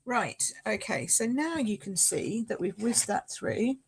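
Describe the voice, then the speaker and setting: A woman's voice: mid-range voice, animated, a little slow, slightly rough. A woman demonstrating card making in a live craft tutorial. She chats casually, often apologises and laughs along the way.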